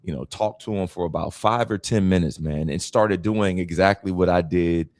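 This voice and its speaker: Deep-voiced man telling stories animatedly. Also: moderate pace, no echo. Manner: animated storyteller, acts out quoted voices. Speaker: guest speaker and author. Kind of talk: storytelling interview answer.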